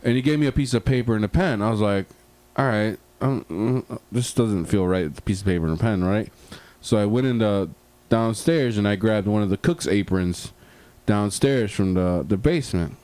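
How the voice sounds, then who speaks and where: A man co-hosting a podcast, telling a long, rambling bar story full of swearing in a casual, animated way. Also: fairly low pitch, normal speed, few pauses, no echo. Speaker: podcast co-host.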